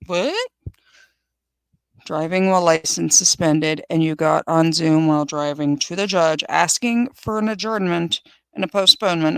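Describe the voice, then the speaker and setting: A woman's voice: on the low side, moderate pace, creaky, a bit bright, clean tone, no echo, low-quality recording. A woman hosting a live firearms channel, giving casual commentary in a blunt, sarcastic way, swearing freely and answering viewers' comments. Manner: chatty, reads viewer comments aloud.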